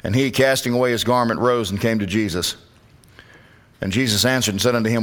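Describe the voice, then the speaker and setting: A man preaching a sermon, praying and reading scripture, rising to loud impassioned calls. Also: fairly low pitch, a little fast. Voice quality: glasses-wearing reader of scripture. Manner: rises to loud impassioned calls when quoting.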